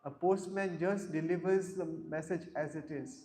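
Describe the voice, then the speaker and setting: A man's voice: on the high side, steady tone, normal speed, darkish tone, slight background noise. A man giving a scripture class in a temple hall, explaining verses word by word and putting questions to his listeners. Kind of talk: Bhagavad Gita class talk. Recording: roomy echo.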